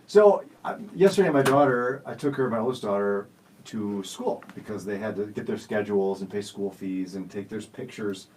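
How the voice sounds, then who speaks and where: A man's voice: on the low side, normal speed, a little mellow, far from the mic, a little hiss or hum, low-quality recording. A man in his forties hosting a radio show, telling stories in a jokey, self-teasing way. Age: 40s. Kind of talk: casual studio chat. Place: radio studio.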